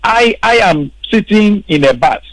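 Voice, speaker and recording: A man's voice: high-pitched, expressive, unhurried, a bit bright, no room sound, rough recording. A man, speaking as a political commentator on a radio panel and stressing his points emphatically. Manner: emphatic, repeats words for stress. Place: radio studio.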